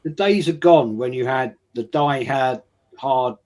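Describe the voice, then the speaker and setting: A man's voice: medium pitch, a little slow, a little mellow. A middle-aged man co-hosting a football stream, reminiscing about the old days of the terraces and acting out what players and fans said. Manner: reminiscing fan stories, acting out quotes. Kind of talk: casual football chat.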